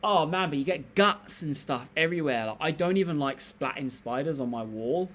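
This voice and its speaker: A man's voice: on the high side, expressive, normal speed, fairly bright tone, a little hiss or hum. A man hosting a live stream, chatting casually and reading out comments in a rambling, laid-back way with lots of fillers and restarts.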